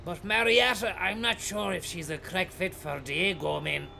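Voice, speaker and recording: A man's voice: high-pitched, fairly even intonation, normal speed, vocal fry, bright, forceful tone, a little hiss or hum. An Irish man streaming a bus-driving game, chatting with passengers in a teasing way and repeating catchphrases. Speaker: streamer playing a bus driver. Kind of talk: comedic live-stream banter.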